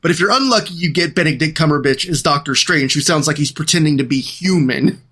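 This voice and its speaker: Casting note: man, higher pitch, very bright edge, quick joker on a podcast panel. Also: husky. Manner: quick, jokey quips. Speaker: podcast co-host. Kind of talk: casual chat.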